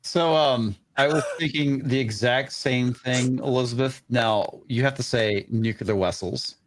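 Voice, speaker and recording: A man's voice: mid-range voice, a little slow. A man co-hosting a casual live stream and passing along viewer requests. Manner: casual, relays chat requests. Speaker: co-host.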